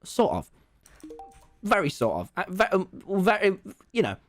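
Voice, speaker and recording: A man's voice: high voice, huge pitch swings, a little slow, dry recording, faint music behind. A young British man in his late teens, a streamer telling a rambling, self-deprecating story on his livestream.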